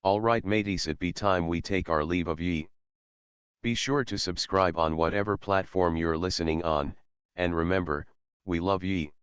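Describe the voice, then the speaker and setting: A man putting on a gruff male pirate captain voice with pirate slang and rolling chanted R's. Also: deep voice, moderate pace, no echo, pitched below the performer's own voice, close to an everyday voice. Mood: gruff farewell. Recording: dull, lo-fi sound.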